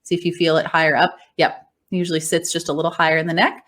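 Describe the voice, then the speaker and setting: A woman's voice: low-pitched, little pitch movement, very fast. Encouraging woman voice coach explaining. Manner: warm encouraging explainer, laughs often. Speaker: voice coach and speech-language pathologist. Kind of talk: conversational interview.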